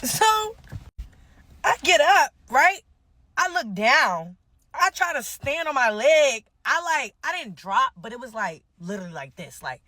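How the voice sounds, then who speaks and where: Young woman, high-ish voice, super animated, cussing and laughing through her story. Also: unhurried, no room sound. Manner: slangy, profane, laughing often. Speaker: guest telling her story.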